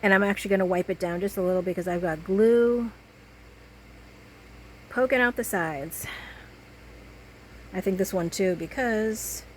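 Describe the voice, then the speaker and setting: Slow-talking woman chatting while crafting. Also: mid-range voice, a little hiss or hum, rough recording. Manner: chatty, talks to herself while working. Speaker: crafting vlogger. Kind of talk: casual crafting chat.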